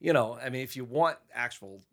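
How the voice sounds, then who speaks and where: A man hosting a podcast in casual chat, relaxed and hedging his words with fillers. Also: medium pitch, fairly quick. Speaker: podcast host and author.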